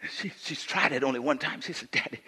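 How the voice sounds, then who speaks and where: A man from Louisiana, preaching a sermon as pastor and swinging between quiet asides and shouted lines. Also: mid-range voice, brisk, breathy edge. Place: church sanctuary. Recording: live church hall reverb.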